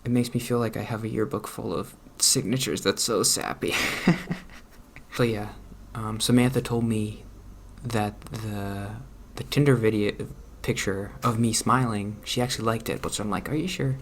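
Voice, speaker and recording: A young man vlogging casually, awkward and self-deprecating, mumbling with soft laughs. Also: on the low side, steady tone, moderate pace, a little hiss or hum. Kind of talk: casual chat.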